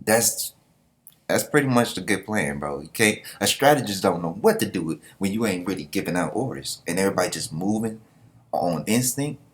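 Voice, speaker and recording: Animated man doing reaction commentary. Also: low-pitched, moderate pace. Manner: animated, joking, slangy. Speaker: manga reviewer.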